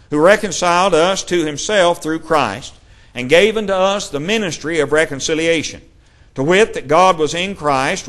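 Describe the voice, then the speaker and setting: A man preaching a sermon, reading scripture passages aloud in a measured way. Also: on the high side, a bit bright.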